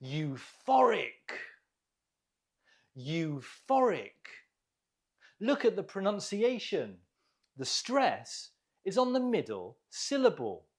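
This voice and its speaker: A man teaching an English vocabulary lesson, explaining words clearly and asking learners questions to repeat. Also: sits high, measured pace. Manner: clear, lively teaching delivery with rising questions.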